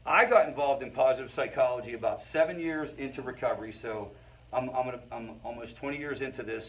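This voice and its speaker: A man's voice: mid-range voice, slight background noise. Middle-aged man lecturing from across the room. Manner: conversational, keeps checking in with the audience. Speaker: recovery group lecturer and therapist. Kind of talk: informal lecture to a family recovery group. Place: meeting room with a group. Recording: voice picked up from a distance.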